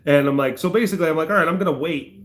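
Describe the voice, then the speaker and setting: Racing along in a slightly high, fairly bright voice, a streamer chats with viewers and reads chat while spinning a meandering anecdote packed with fillers and false starts. Laughter runs through the telling, and his pitch leaps when he reenacts the outbursts.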